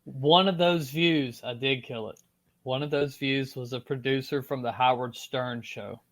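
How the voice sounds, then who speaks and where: A man from Florida with a strong Southern US accent, a podcast guest telling his story in a loose, animated way, full of fillers and casual swearing. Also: medium pitch, measured pace.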